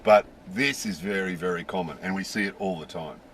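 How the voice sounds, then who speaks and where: A man's voice: deep voice, fairly quick, a bit bright, a little hiss or hum. A man vlogging casually to camera about life in Japan, stressing points by repeating his words.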